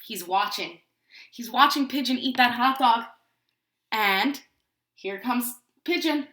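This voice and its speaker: A woman teaching preschool, reading a picture book aloud to young children in an animated way and asking them questions. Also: on the high side, slow pace, long pauses. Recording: roomy echo.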